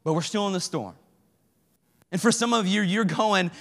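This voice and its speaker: A man with a very high voice preaches a slangy, animated youth sermon and acts out people's prayers. His voice rings with a long reverb, as in a large hall. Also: fairly quick, vocal fry. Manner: casual slangy speech. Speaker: youth pastor.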